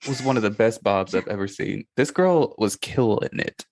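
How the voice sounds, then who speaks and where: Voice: medium pitch, moderate pace, creaky, a little mellow, slight background noise. A podcast co-host in casual chat about a movie, laid-back and opinionated, cursing casually.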